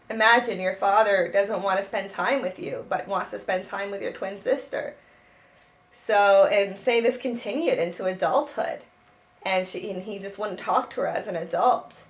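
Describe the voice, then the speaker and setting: A woman's voice: mid-range voice, fairly bright tone. A woman who teaches self-help and writes children's books, giving spoken advice in an earnest way with many restarts.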